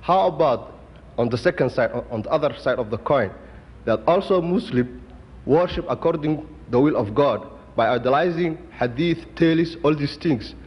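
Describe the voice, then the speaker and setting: A man's voice: on the high side, animated, moderate pace, breathy edge. A man in the audience asking a question, hesitant, stopping and restarting often. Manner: hesitant, many fillers and restarts. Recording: dull lo-fi hall with long reverb.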